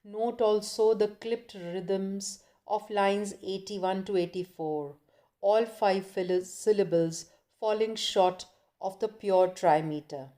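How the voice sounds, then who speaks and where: A woman lectures on a poem, with a voice of middling pitch. She moves through it stanza by stanza, pausing to gloss hard words. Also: steady tone, warm tone. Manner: explains English lines, then glosses them in Hindi. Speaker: college lecturer. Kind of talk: poetry lecture.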